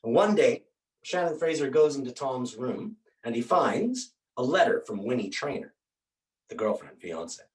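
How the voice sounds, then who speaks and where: A man performing a one-man theatre show. He tells the story in an animated way with dramatic asides, and paints on stage while he talks. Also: medium pitch, unhurried. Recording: roomy stage sound from a distance.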